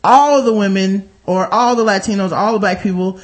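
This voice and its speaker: A man's voice: high-pitched, normal speed. A man in casual podcast chat, rambling through comic riffs full of swearing and mock voices.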